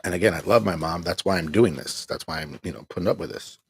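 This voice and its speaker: A middle-aged man vents on his livestream in a tired, exasperated voice and laughs ruefully as he goes. His voice sits very low and sounds husky. The mic is close and the sound is dry. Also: quick pace, dry recording. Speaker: livestream host. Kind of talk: venting on a livestream, reading chat.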